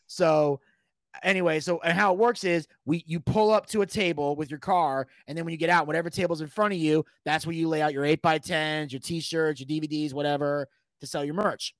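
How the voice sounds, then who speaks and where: A man's voice: a little high, fairly quick, no room sound. A man telling a long story on a podcast as a guest, casually and with plenty of swearing, acting out what people said. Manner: animated, profane, acts out quotes.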